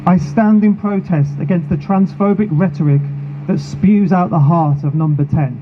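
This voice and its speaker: Earnest man giving a rally speech. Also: high voice. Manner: earnest, measured and emotional. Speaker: charity founder speaking at a protest. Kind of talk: prepared speech at an outdoor rally. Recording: phone-like sound with clear street noise.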